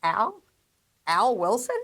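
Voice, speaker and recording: A woman voicing a lonely, kind-hearted farm wife in a radio play, earnest and gentle. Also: mid-range voice, very animated, slow pace, slightly rough, heavily acted. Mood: flustered. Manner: earnest, gentle, easily flustered.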